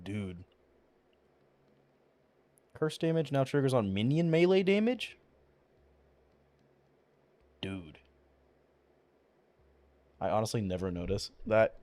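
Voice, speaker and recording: A man's voice: mid-range voice, warm tone. A man streaming a video game, chatting casually and rambling with lots of swearing and fillers, his voice cracking now and then. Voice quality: occasional voice cracks. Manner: mumbles. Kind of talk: casual gameplay commentary.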